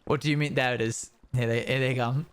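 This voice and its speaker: A man's voice: mid-range voice, steady tone, brisk, smooth. A young man chatting casually as a streamer, reacting to a video with wry, rambling commentary.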